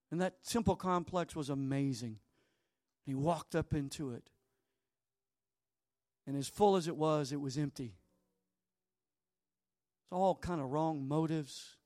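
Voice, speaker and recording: A male pastor with a fairly high voice preaches slowly and deliberately. He moves dramatically between hushed, near-whispered asides and emphatic declarations. The sound is dry and close. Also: dry recording. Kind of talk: sermon.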